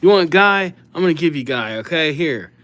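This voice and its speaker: Writing viewers' names on his calligraphy livestream, a young man chats, jokes, and hands out goofy nicknames. He speaks at a moderate pace with lively intonation, his voice on the high side with a fairly bright tone.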